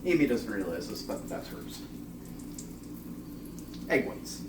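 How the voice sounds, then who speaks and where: A man's voice: lowish voice, slow. A man casually explaining a recipe as he cooks at home, chatting with a friend beside him. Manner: relaxed, chatty explaining while cooking. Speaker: home cooking channel host. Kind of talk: casual cooking demonstration. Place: home kitchen. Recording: echoey kitchen, distant mic, noisy. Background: pots, pans and dishes clattering.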